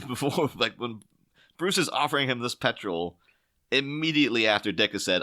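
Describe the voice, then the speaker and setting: A man's voice: medium pitch, lively intonation, a little fast, sharp tone. A man hosting a podcast in casual film chat, rambling and laughing often.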